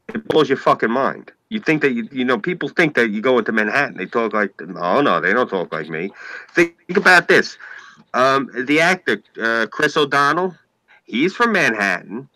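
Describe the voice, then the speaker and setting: A man's voice: medium pitch, animated, moderate pace, sharp tone, dry recording, low-quality recording. A man with a New York accent in casual podcast chat, rambling and emphatic, swearing freely and using "like" a lot. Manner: rambling, emphatic, profane, heavy use of "like".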